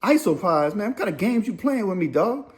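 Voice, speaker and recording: A man's voice: high-pitched, sing-song, fairly quick. A man voicing an incredulous male inmate who talks in raised, disbelieving slang.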